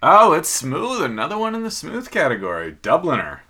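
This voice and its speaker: A man's voice: on the high side, huge pitch swings, a little fast, sharp tone. A man co-hosting a casual podcast, upbeat and jokey, asking his partner questions. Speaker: podcast co-host. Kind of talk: casual chat.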